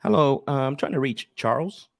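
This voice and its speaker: A man's voice: medium pitch, lively intonation, moderate pace, creaky. A man coaching sales on a live stream, making cold calls and explaining them in an assertive teaching tone, often restarting his sentences.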